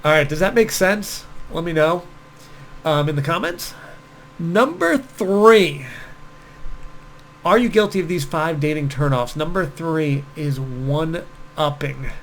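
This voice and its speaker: A man giving dating advice straight to the camera in a loose, conversational way, full of ums and asides. His voice sits a little high for a man. Faint background noise runs under the recording. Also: measured pace, poor audio. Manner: casual, storytelling, many fillers. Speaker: dating coach. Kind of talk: direct-to-camera advice talk.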